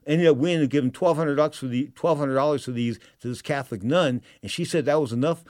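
A middle-aged man from San Francisco hosting a talk radio show, telling stories in an emotional, animated way with repeated phrases. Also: on the high side, quick pace, no echo, clean studio sound. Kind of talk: storytelling talk radio monologue.

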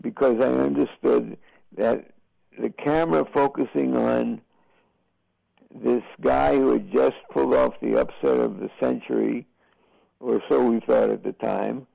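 An older man, a boxing broadcaster, answering interview questions in a slow, halting, reflective way with many fillers. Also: medium pitch, gravelly, dark tone, no room sound, dull audio.

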